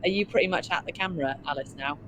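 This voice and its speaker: A woman's voice: lowish voice, quick pace, fairly bright tone, slight background noise, rough recording. A woman directing a theatre rehearsal over a video call, thinking aloud and checking with tag questions. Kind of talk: rehearsal planning talk.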